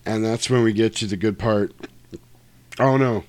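A man's voice: lowish voice, moderate pace, a little mellow, no room sound. A man in casual chat, retelling a film scene, acting out the dialogue and swearing freely.

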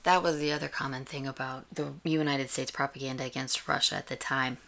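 A woman's voice: very deep voice, brisk, faint music behind. A woman hosting a podcast, giving a chatty, analytical recap of a TV episode. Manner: chatty, analytical, animated retelling. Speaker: podcast host reviewing a TV episode. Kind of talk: casual recap and commentary.

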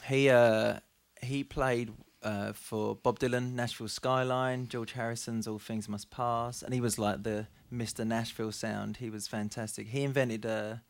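Cockney guy from east london, relaxed musician chatting on the radio. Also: medium pitch, a little slow, gravelly, few pauses. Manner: relaxed, rambling, laughs easily. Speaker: musician guest. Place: radio studio.

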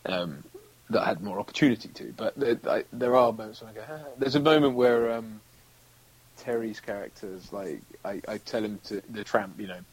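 A man's voice: on the low side, fairly quick, slightly rough, low-quality recording. A British man, an actor, chatting casually as an interview guest, rambling and acting out quotes with frequent laughs. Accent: British English. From United Kingdom.

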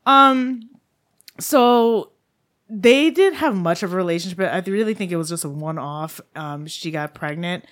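A woman's voice: on the low side, measured pace. A woman co-hosting a casual podcast, chatty and giggly as she tells a true-crime story. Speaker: podcast co-host.

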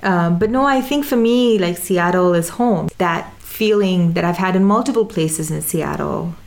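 Telling her personal story thoughtfully in an interview, this young woman from Sudan, raised in Dubai and Jeddah, speaks with an American accent and frequently restarts and uses "you know." It's reflective, conversational storytelling. Her voice is on the low side, creaky, and a little mellow at a moderate pace, with slight background noise.

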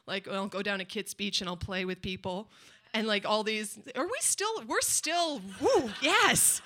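A woman's voice: mid-range voice, expressive, unhurried, pushed and bright. A woman telling a rambling, self-mocking comic story on stage at a live show, with chatty asides to the crowd.

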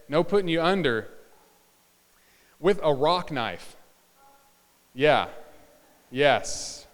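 A man preaching a sermon as a pastor in a church, animated and joking with asides to the congregation. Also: on the high side. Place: church sanctuary. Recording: church hall reverb.

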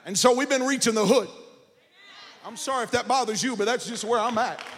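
A man pastor preaching a sermon, building from casual storytelling into shouted and sung phrases. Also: very high-pitched, fairly quick, big-room sound, some chatter behind. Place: church sanctuary.

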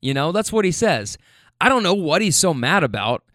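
A young man with a slightly higher voice tells a rambling story and acts out each character's lines. His delivery is animated, with laughter breaking in. The recording is close and dry, with no room sound. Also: moderate pace, no echo. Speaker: storyteller recounting a rideshare passenger story. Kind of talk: casual storytelling.

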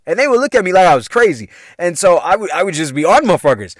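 A man's voice: sits high, big pitch swings, fast talker, few pauses, no room sound, studio quality. A man telling a funny personal story in a casual, slangy, heavily profane way, laughing often. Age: adult parent. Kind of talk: casual comedic storytelling monologue.

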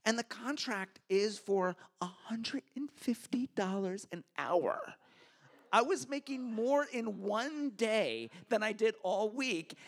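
A man telling a true story on stage at a story slam, animated and self-mocking, acting out the dialogue. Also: high voice. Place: stage at a public hall.

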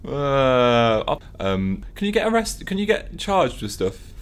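A man's voice: mid-range voice, very animated, slow pace, clear, resonant tone. A man co-hosting a podcast from an office, chatting casually with jokey, teasing banter. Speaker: podcast co-host. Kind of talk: casual chat.

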